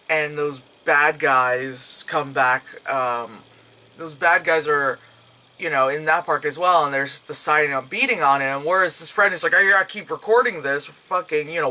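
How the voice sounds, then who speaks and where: Bright-voiced young man ranting about a movie. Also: on the high side, rough recording. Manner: profane, rambling, acts out characters' lines in raised voices. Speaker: movie reviewer. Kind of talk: casual spoken movie review.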